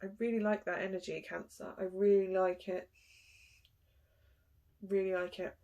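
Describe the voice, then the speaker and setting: A young woman giving a casual tarot reading, chatty and animated, with frequent sighs and small gasps. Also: mid-range voice, normal speed. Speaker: tarot reader.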